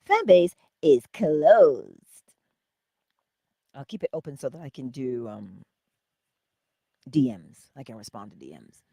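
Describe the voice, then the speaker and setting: Lively, chatty woman livestream host. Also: rumbling low, moderate pace, creaky, long pauses, breathy edge, dry recording, clean studio sound. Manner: chatty, playful, shouts out viewers by name, laughs often; says she talks like a valley girl. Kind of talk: casual livestream sign-off.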